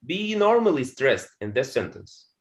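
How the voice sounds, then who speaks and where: A man teaching English pronunciation in an online class, repeating words and phrases slowly for his students. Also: medium pitch, big pitch swings, rough recording. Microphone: video call.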